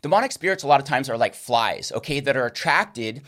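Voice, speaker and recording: A man's voice: mid-range voice, expressive, a little fast, fairly bright tone. A man teaching a recorded Christian course lesson, earnest and checking in with listeners with a frequent "okay?".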